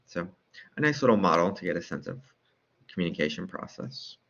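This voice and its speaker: A man's voice: sits low, expressive, a little fast, creaky, fairly bright tone, muffled recording. A man lecturing over slides in a casual way, asking rhetorical questions and often adding "right?" to check in.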